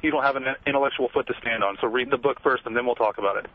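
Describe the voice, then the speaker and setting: Young male caller, rapid and passionate, dull muffled phone sound. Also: medium pitch. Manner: earnest, passionate, fast-talking. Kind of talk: radio call-in.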